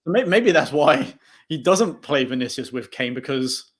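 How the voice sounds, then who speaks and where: A young man hosting a casual post-match football chat on a live stream, talking fast and laughing often. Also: mid-range voice, animated. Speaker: host.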